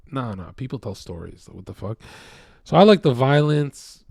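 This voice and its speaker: Guy ranting at his stream, swears a lot, picks fights, loud then mumbly, dry close audio. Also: fairly high pitch, expressive, a little fast, no room sound. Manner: profane, combative, swings from loud outbursts to mutters. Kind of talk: casual ranting to viewers.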